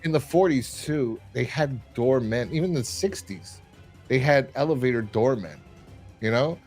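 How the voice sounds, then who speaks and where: A man co-hosting a casual podcast, recapping an old TV episode scene by scene. His pitch sits in the middle, and he talks loosely, with fillers and quick asides. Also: faint music behind. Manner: animated retelling, full of fillers and quoted lines. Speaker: podcast co-host. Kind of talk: casual chat.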